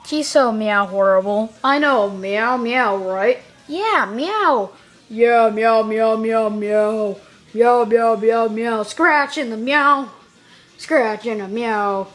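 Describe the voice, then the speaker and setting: A woman voicing her lazy house cat in a home video, with a squeaky, excitable, indignant cartoonish manner. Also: slow pace, soft background music. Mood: grumbling. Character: scared, grumpy house cat voiced by its owner. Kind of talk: home video voiceover for pets.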